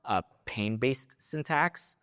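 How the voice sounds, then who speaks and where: A man's voice: mid-range voice, slow, fairly bright tone, clean tone, no room sound, clean studio sound. A man co-hosting a casual discussion, asking questions and adding his own sales tips.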